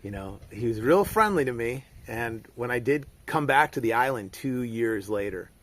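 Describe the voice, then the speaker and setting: A man's voice: mid-range voice, animated, moderate pace. A middle-aged man, telling a rambling story in a casual monologue full of fillers and restarts. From United States. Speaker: vlogger.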